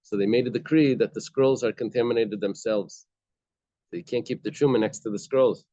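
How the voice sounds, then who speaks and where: A man's voice: medium pitch, steady tone, moderate pace, warm tone, no echo, highs cut off. A man teaching a daily Talmud class, reading short bits of Aramaic and then explaining them in casual, conversational English.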